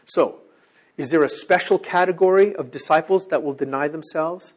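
Brief: male preacher, husky, fairly high-pitched, lively delivery that keeps checking in with the congregation. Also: normal speed. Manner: animated, keeps checking in with listeners. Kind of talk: sermon.

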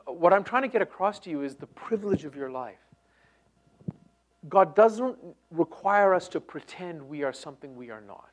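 A middle-aged male preacher delivers a sermon with a lively, swinging pitch. He pushes key phrases out loudly and then drops to a near-whisper. His voice sits a little high for a man. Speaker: pastor.

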